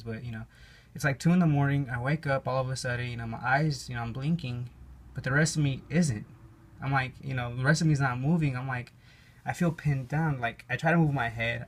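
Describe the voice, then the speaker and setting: A young Mexican American man talking casually about his own experiences, rambling with many fillers, swearing and laughing often. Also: medium pitch. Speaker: YouTube card game channel host. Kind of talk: casual storytelling monologue.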